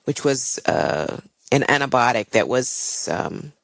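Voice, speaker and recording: A woman's voice: a bass voice, sing-song, slow pace, gravelly, dry recording, poor audio. An older woman, a guest and airline pilot, tells a personal story in a candid, reflective way with frequent fillers.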